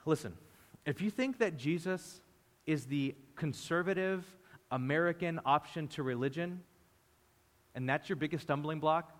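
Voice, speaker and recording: A man's voice: on the high side, normal speed. Man preaching in an echoey hall. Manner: animated, acts out voices of disciples. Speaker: pastor. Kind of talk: sermon. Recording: reverberant hall.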